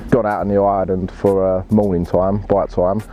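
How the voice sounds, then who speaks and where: Deep-voiced angler, blunt and laddish. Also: male voice, little pitch movement, normal speed, mellow, lo-fi sound, a little hiss or hum. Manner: blunt, swears freely, laddish slang. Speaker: angler telling his story. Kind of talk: casual storytelling.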